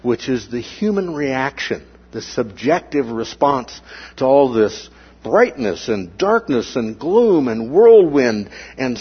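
A man with a husky, slightly breathy voice teaches a Bible lesson in an animated way. He keeps asking his listeners "okay?" to check they follow. The recording is dull and lo-fi, with little top end. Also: mid-range voice.

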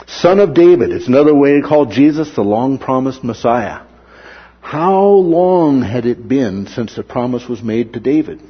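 A man's voice: medium pitch, unhurried, slightly rough, muffled recording. A man preaching a sermon who acts out the words of the people in the story. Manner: animated, acts out the characters' words.

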